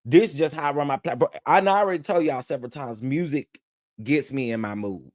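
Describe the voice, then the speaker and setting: A man hosting a livestream, ranting casually in a sassy, animated way and laughing often. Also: medium pitch, brisk. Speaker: livestream host.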